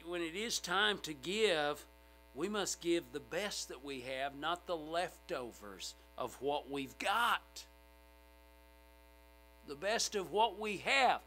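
Emphatic male pastor, bright voice. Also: a little high, a little hiss or hum, rough recording. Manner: emphatic, swinging from loud to hushed. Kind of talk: sermon. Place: church sanctuary.

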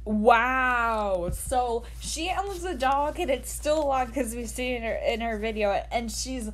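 A woman talks through a reaction video in a fairly high voice. She rambles, hesitates and breaks into gasped exclamations. It sounds like an easygoing, unscripted chat. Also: slow pace. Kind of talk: casual reaction commentary.

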